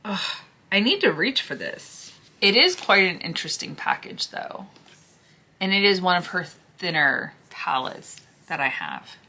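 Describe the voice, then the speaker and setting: A woman vlogger chatting casually through a makeup declutter, gushing and sometimes dropping to a hushed near-whisper, her voice hoarse as she loses it. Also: fairly low pitch, big pitch swings, measured pace. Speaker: beauty vlogger.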